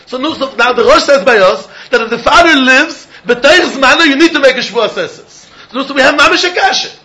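A man explains a Talmud passage in a lilting, repetitive sing-song. His voice sits high for a man and sounds bright and forceful. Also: lively intonation, brisk. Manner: sing-song, repeats key points, mixes in Hebrew and Yiddish terms. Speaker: Talmud teacher. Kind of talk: Talmud lesson.

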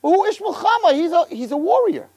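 A man's voice: very high voice, big pitch swings, normal speed, a little mellow, no echo, pitched above the performer's own voice. A man doing a doubtful, dismissive king.

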